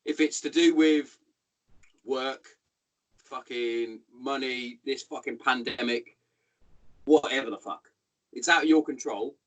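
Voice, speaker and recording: A man's voice: medium pitch, slow pace, pauses often, low-quality recording. Sweary English man chatting casually. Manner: sweary and animated. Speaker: podcast host. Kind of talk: casual chat.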